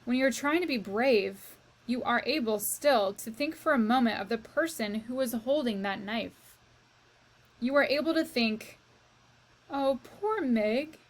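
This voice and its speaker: Slow, expressive storytelling aimed at the reader comes from a woman reading a children's novel aloud to her class. Her pitch sits a little high.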